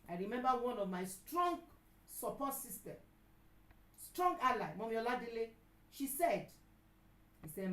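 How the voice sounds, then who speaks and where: A middle-aged Nigerian woman preacher and counselor giving an emphatic sermon. She repeats her key lines and sometimes breaks into loud outbursts. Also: medium pitch, lively intonation, normal speed, pauses often, roomy sound, poor audio. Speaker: pastor and counselor.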